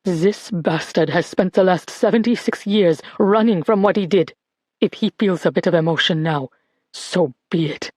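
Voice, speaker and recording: A woman voicing an elderly woman who is fierce and accusing, with a sharp edge to her speech. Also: fairly low pitch, normal speed, no room sound, studio quality, close to an everyday voice. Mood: furious.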